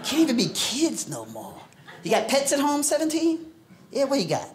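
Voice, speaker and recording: Stand-up comic from New York, man, expressive storyteller, live room sound with a crowd. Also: very high-pitched, moderate pace. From New York City. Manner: animated storytelling with put-on voices. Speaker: stand-up comedian. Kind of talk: stand-up comedy set. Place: theater stage with laughing audience. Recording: roomy live venue with audience noise. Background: audience laughter.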